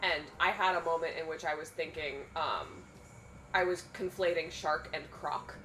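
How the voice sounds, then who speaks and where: A young woman chatting casually during a charity game marathon, telling stories with animated quoted lines. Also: sits low, moderate pace, slight background noise, poor audio. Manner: animated storyteller, acts out quotes. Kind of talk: casual chat.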